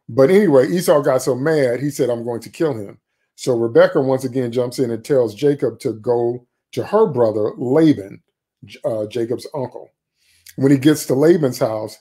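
A man preaching a sermon, retelling a scripture story in a folksy, conversational way and jumping up in pitch when voicing the characters. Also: warm tone, slightly rough.

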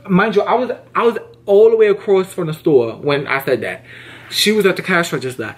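Animated young man telling a story. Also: a little fast, a little hiss or hum. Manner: animated, slangy and emphatic, acts out quotes with big pitch jumps. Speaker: vlogger. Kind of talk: casual storytime.

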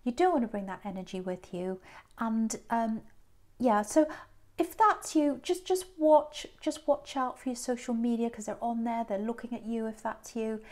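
A woman's voice: on the high side, lively intonation, normal speed, a little mellow. A woman giving a tarot reading who muses aloud, repeats phrases and often restarts. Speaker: tarot reader.

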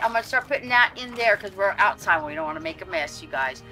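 Casting: effusive woman vlogger, high bright voice, chatty unboxing, emotional. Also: normal speed, faint music behind. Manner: gushing, chatty, frequent fillers and exclamations. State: teary, voice catching at times. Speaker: vlogger running a reborn doll channel. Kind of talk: casual happy mail unboxing. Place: outdoors.

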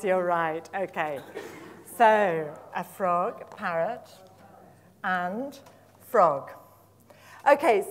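A medium-pitched middle-aged woman gives a live workshop for teachers in a conference room, showing how to tell stories with flashcards. She encourages and praises the audience warmly, slowly drawing out the words she repeats.

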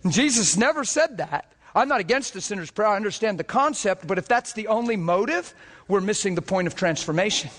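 A man preaching a sermon, fervent and earnest, often breaking into laughter as he gets excited. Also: high-pitched, a little fast, long reverb tail.

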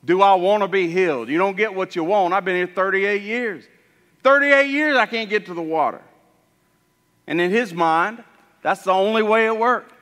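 A man preaching a sermon as pastor, animated and acting out the voices in the story he tells. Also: sits high, moderate pace, in a large hall. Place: church sanctuary.

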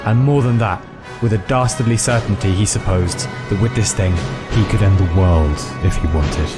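A man narrating a fairy tale in a measured, dramatic reading. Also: lowish voice, loud music behind the voice. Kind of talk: storytelling narration.

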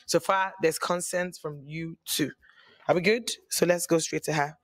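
A woman with a Nigerian accent hosting a dating game show, brisk and teasing as she directs contestants. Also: deep voice, steady tone, no room sound.

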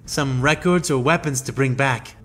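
A man's voice: mid-range voice, normal speed, fairly bright tone, soft background music, natural voice. A man voicing a young female alien warrior who is firm, commanding and dryly witty.

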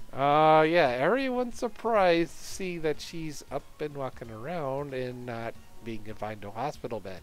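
A man narrating his video game playthrough in a loose, rambling way. His pitch swings a lot as he talks, and soft game music plays underneath. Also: lively intonation, measured pace. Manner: rambling, chuckling. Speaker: let's play host. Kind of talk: casual game commentary.

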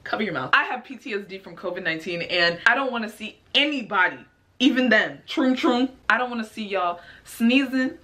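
Female reaction host, fairly high and animated, rambling and incredulous. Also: a little fast, slight background noise. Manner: exasperated, rambling, incredulous questions. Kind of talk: casual commentary.

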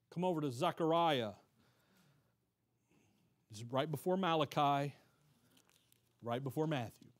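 A man, teaching the Bible in a loose, conversational way. He reads verses aloud, stops to ask his listeners questions, and often backs up to restart a thought. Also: on the high side. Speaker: pastor. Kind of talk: expository Bible-study sermon.

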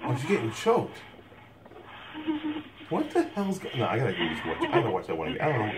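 A man's voice: mid-range voice, sing-song, brisk, long pauses. Incredulous laughing man reacting to clips. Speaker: reaction video host. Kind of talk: casual reaction commentary. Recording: echoey room, loud background noise.

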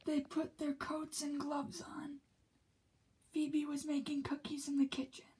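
A woman reads a children's picture book aloud, frequently dropping into a soft whisper between the characters' lines. Her voice sits high and monotone at a measured pace, and the audio quality is poor.

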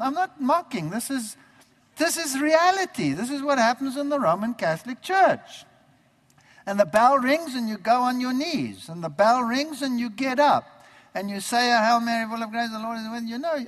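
Man preacher, high voice, lively storyteller who acts out the dialogue; long hall reverb. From Germany. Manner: animated storytelling, acting out remembered dialogue. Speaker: preacher giving his testimony. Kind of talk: storytelling sermon testimony.

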